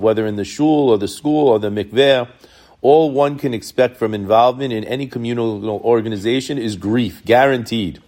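A man's voice: medium pitch, darkish tone. A middle-aged man from Brooklyn giving a Torah talk to a congregation, reading Hebrew and Aramaic passages and explaining them in a conversational way. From Brooklyn, New York. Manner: retells midrash in Hebrew then English, conversational.

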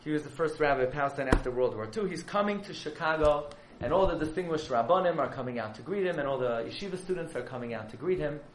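A man who is a yeshiva rabbi, telling a story as a sermon, dramatic and surging from hushed to loud. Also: fairly high pitch, expressive, quick pace, hardly any pauses, echoey room, noisy background.

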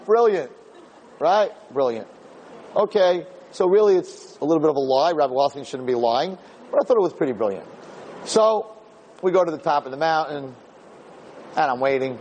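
A man's voice: a little high, lively intonation, moderate pace, a little mellow, a little hiss or hum, rough recording. A middle-aged man, a rabbi and teacher, telling a story in a Torah talk, acting out the dialogue and repeating phrases.

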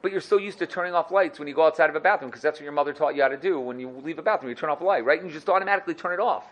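A man teaching a lively Torah lesson, animated and acting out little scenes. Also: on the high side, rapid-fire. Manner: animated, acts out dialogue.

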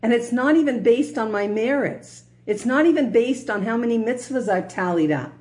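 A woman's voice: fairly high pitch, lively intonation, normal speed, a little mellow. A woman teaching a religious lecture in a conversational tone, with humorous asides and frequent check-ins with her listeners.

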